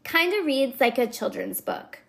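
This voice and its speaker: A woman's voice: high-pitched, sing-song, unhurried, vocal fry, full character voice. Woman putting on a snippy Valley Girl critic. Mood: scornful. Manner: valley girl drawl, dismissive.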